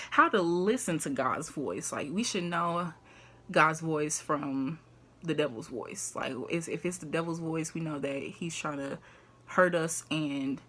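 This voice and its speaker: A woman's voice: sits low, bright, forceful tone. A young woman sharing casual faith encouragement in a vlog. She talks in a chatty way, leaning on "like" and "you know", and laughs easily. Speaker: faith vlogger. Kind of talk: casual faith talk to camera.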